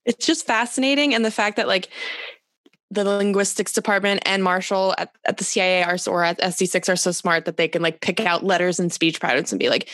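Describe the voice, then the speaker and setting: A woman's voice: on the low side, brisk, fairly bright tone, no room sound, studio quality. A woman co-hosting a podcast, chatty and recapping a show, laughing often and correcting herself. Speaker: podcast co-host. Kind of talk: casual chat recapping episodes.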